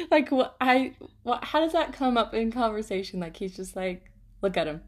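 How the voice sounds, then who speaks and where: A young woman co-hosts a podcast, chatting casually and reading listener stories. Her voice is a little high, animated, and a little slow, and she giggles often and fills her talk with "like".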